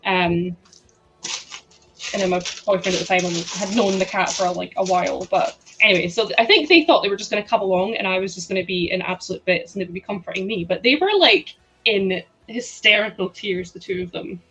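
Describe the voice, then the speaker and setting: Woman streamer, mid-pitched, casual rambling chat with her viewers. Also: fairly quick, fairly bright tone, slight background noise, rough recording. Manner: chatty, rambling, many "like" fillers, frequent laughs. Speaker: livestream host. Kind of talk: casual chat to a live chat while sorting.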